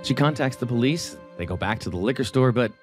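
A man narrating a true story in a measured, scripted way, adding quiet murmured reactions. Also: medium pitch, animated, music in the background. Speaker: podcast host and narrator.

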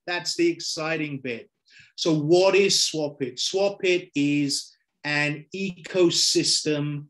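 This middle-aged man with a London accent takes his time, his fairly high voice a bit bright as he runs an upbeat sales presentation on a video call. A Londoner, he checks in often with "okay?" and "right?"

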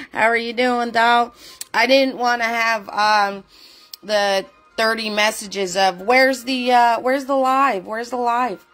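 A chatty woman hosts a live painting session, greeting viewers one by one with lots of fillers. Her voice sits a little high, and faint music plays behind her. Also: fairly bright tone. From New Jersey. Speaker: live painting class host. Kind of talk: casual live-stream chat.

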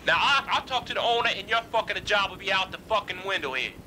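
A man's voice: high-pitched, animated, fast, bright, forceful tone, a little hiss or hum. An angry male caller on a phone call, swearing and threatening in a furious, profane rant.

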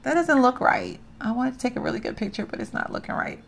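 A gaming channel host comments casually on her gameplay, chatty and reacting loudly, often calling out to her viewers. She talks fast in a high, creaky voice.

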